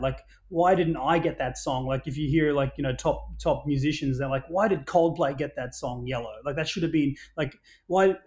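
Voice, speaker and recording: A man, a brand founder telling stories as a podcast guest, animated, swearing freely and restarting his sentences. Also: a little high. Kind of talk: casual podcast conversation.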